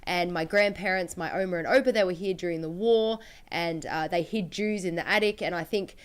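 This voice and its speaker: A woman's voice: lowish voice, a little fast, clean tone. A woman co-hosting a livestream chat, talking earnestly and laughing easily. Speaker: co-host.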